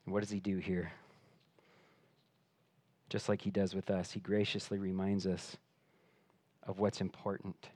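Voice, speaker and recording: An unhurried male pastor preaches with earnest feeling but little pitch movement, pausing often. He still lifts his force for emphasis before quieting, and frequently repeats words when restarting, with no room sound in the clip.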